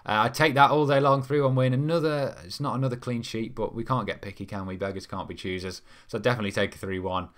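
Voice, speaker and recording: A man's voice: medium pitch, steady tone, quick pace, few pauses, a bit bright. A young man, hosting a football fan live stream in a casual, rambling way, reading out viewer comments with lots of ums. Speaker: fan channel host.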